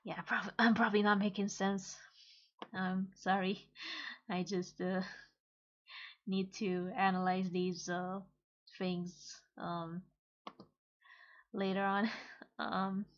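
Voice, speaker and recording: Female, casual comic reader-translator; hesitant, unhurried delivery, muffled home mic. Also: medium pitch, flat delivery. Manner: hesitant, halting, many pauses and fillers.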